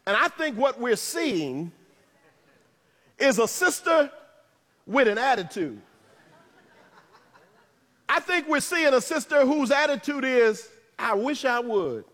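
A man preaching a sermon in a church, animated, with playful asides and shouted emphasis. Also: very high-pitched, takes it slowly, long pauses, long reverb tail. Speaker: pastor.

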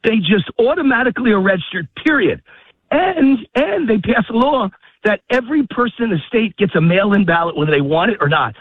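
A man calls in while walking outdoors, audibly out of breath. His voice is high and husky, squeezed through a dry, tinny phone line. He talks in an emphatic, repetitive barrage. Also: big pitch swings, no echo. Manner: emphatic, rapid-fire and repetitive. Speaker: call-in guest. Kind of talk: heated political phone interview. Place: outdoors walking a dog in a park.

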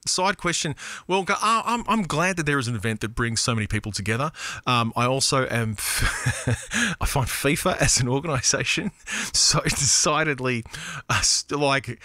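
A man's voice: mid-range voice, pushed and bright, dry recording. A man with an Australian accent hosting a casual radio show, reading out listener texts and rambling playfully with self-deprecating asides.

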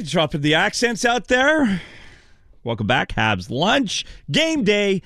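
A man hosting a sports talk radio show, briskly running the segment and reading out call-in details. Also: high voice, wildly swooping pitch, pushed and bright, no room sound, clean studio sound. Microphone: studio microphone.

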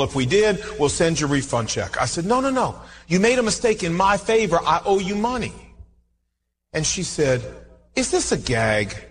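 A preacher with a high voice delivers an animated sermon, acting out the people in his stories. His voice rings with the long reverb of a large church hall. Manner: animated storytelling, acts out dialogue. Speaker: pastor.

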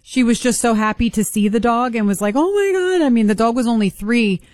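A woman's voice: a little high, flat delivery, a little fast, darkish tone, no echo, clean studio sound. A woman telling a story in an enthusiastic, chatty way. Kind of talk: casual storytelling.

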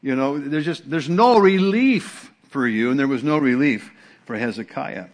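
A man's voice: medium pitch, lively intonation, moderate pace. A middle-aged man preaching a sermon as pastor, in a conversational way with emphatic repetition and frequent restarts.

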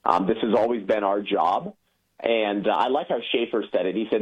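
A man's voice: on the low side, moderate pace, husky. A man calling in as a guest on a radio talk show, explaining at length with frequent fillers. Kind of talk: casual radio conversation. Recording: tinny phone line.

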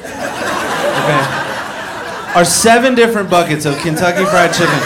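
A man's voice: sits high, expressive, a little slow, pauses often, a crowd in the background. A man performing a stand-up comedy routine, drawling and mocking as he acts out characters. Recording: live club audience noise. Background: audience laughter.

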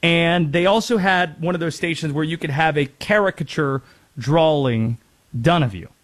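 A man's voice: fairly high pitch, moderate pace. A man from North Carolina hosting a casual sports talk show, chatty with rambling asides. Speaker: sports radio host.

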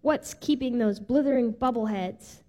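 A woman voicing a blustering, bossy male world chief in a storybook reading, gruff and bellowing. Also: fairly high pitch, moderate pace, dark tone, lightly acted. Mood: commanding.

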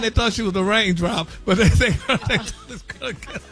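A man's voice: sits high, moderate pace, few pauses, music in the background. A man delivering a sassy celebrity gossip segment on a radio morning show, calling everyone honey and baby and laughing often. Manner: flamboyant, sassy, laughs a lot, calls people honey and baby.

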